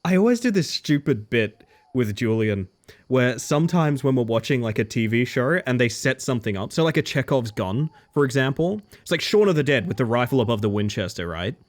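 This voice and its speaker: A man streaming a video game live, reacting in an animated, sweary way and laughing often. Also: mid-range voice, fairly quick.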